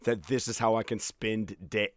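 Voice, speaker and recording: A man's voice: fairly low pitch, normal speed, dry recording, clean studio sound. An American man, an English teacher, chatting casually about a film and quoting lines in mock voices. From United States. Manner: animated, quotes lines in mock voices, laughs often.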